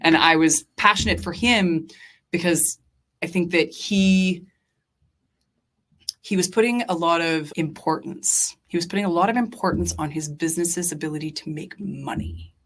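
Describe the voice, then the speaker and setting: A woman's voice: fairly low pitch, moderate pace, a bit bright. A young adult woman, a diner owner and chef, talking earnestly and passionately as a podcast guest, with many fillers and restarts. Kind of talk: casual interview chat.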